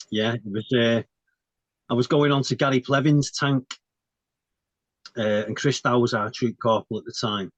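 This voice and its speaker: A man's voice: medium pitch, no echo. A man, a guest on the show, telling his army story in casual chat. He laughs often, swears, and keeps asking "you know what I mean". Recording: dull, dry recording.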